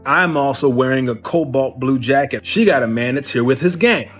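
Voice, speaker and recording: A man from Cincinnati with a husky, slightly rough voice tells a funny story about a night out at a bar. He is animated and acts out the other people's lines, with soft music playing faintly behind him. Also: medium pitch, moderate pace. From Cincinnati, Ohio. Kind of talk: comedic storytelling.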